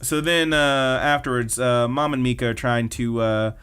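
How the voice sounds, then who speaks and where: Smooth-voiced man recapping anime casually. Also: medium pitch, fairly even intonation, normal speed, fairly bright tone. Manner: chatty, acts out characters' lines. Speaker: podcast co-host.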